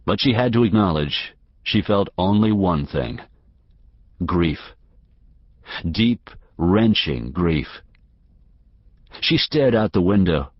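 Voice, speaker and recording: A man with a very low, deep voice narrates a novel in measured, feeling storytelling. The booth recording is dry and close, with a slightly dull, muffled top end. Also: expressive, no room sound. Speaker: audiobook narrator. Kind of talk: scripted narration.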